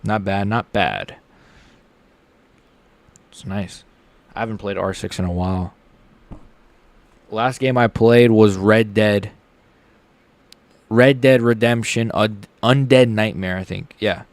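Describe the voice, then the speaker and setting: A young man streaming a live reaction to fights, chatting casually and getting loud and excited when something big happens. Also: takes it slowly, long pauses, no echo. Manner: casual, excitable, shouts with rising pitch at big moments.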